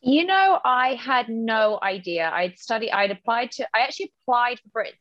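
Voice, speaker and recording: Young woman guest, animated high voice, giggly, dull dry lo-fi recording. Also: moderate pace, dry recording. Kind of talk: casual interview chat.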